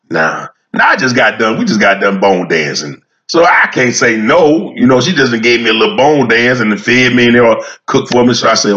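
A man's voice: fairly low pitch, big pitch swings, fairly quick, few pauses, fairly bright tone, highs cut off. A man talking casually in a rambling storytelling monologue, repeating phrases as he goes.

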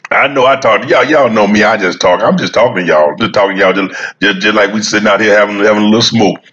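He talks fast in a fairly low, fairly bright voice, and the recording has its highs cut off. Seated outdoors with a cigar, this vlogger addresses his viewers directly, chuckling through a repetitive, folksy ramble about cigars.

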